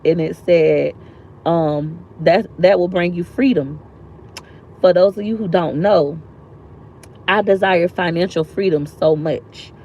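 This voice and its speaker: Sitting outdoors in a park, a woman vlogger talks slowly and earnestly from the heart, repeating lines for emphasis in an emotional, motivational way. Her voice is on the low side, and the recording is muffled with slight background noise.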